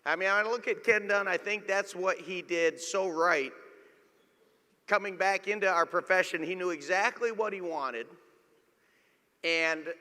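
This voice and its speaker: A man addressing a room at a live event, giving an energetic, emphatic motivational talk. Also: high-pitched. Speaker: speaker and host at a live event. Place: large event hall. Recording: reverberant hall.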